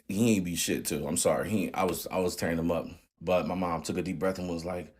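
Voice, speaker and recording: A man's voice: low-pitched, steady tone, fast, a little mellow, slightly rough. A man in his thirties candidly retelling a family story in a casual, slangy vlog. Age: 30s. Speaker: channel host.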